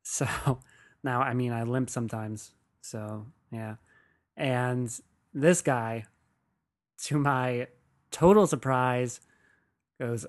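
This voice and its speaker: A man's voice: medium pitch, takes it slowly, pauses often. A man hosting his own podcast, telling stories in a loose, rambling monologue. He swears freely and pokes fun at himself as he talks. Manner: rambling, profane, self-deprecating. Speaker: podcast host. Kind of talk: casual comedic monologue.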